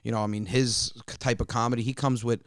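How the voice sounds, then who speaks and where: A young man, a stand-up comedian, telling family stories in a podcast interview, animated and jumping way up in pitch on punchlines. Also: quick pace, dry recording, studio quality.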